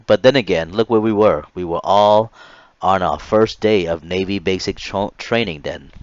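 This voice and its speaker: A man in his late thirties reads a chapter of his own memoir aloud in an earnest, low voice, now and then tripping over a word and starting again. The recording is dry and a little dull. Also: moderate pace, dry recording. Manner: earnest reading with small stumbles and restarts. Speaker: author reading his memoir.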